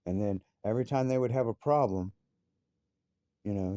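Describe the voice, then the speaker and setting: A father rants angrily about his family, swearing heavily, his voice shooting up into sharp outbursts. He speaks at a moderate pace in a lowish, dark-toned voice, and the recording is dry.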